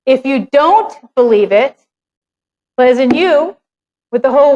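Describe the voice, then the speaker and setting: High-voiced woman giving a seminar. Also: animated, moderate pace, long pauses, a little mellow, lo-fi sound, a little hiss or hum. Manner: candid, chatty, swears casually. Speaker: real estate seminar presenter. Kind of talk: live seminar talk.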